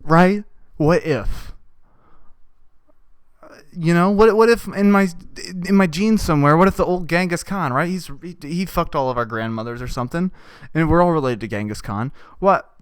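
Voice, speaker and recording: A young man rambles through a deadpan comic monologue, tossing in "right?" after nearly every thought. His voice is smooth and resonant, recorded close and dry with no room sound. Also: on the high side, moderate pace, no echo. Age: young adult. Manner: deadpan, absurd, with many "right?" asides. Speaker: podcast host.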